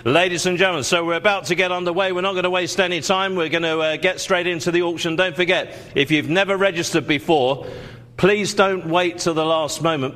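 A male auction host with a somewhat high voice, talking fast and pushing viewers to call in. He leans on fillers and keeps addressing the audience. It sounds like a live TV sales pitch. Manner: salesy, many fillers, repeats "ladies and gentlemen".

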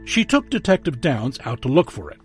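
A man's voice: medium pitch, huge pitch swings, a little fast. Dramatic male true-crime narrator. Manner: dramatic, emphatic delivery. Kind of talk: scripted documentary narration. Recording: studio voice-over over music.

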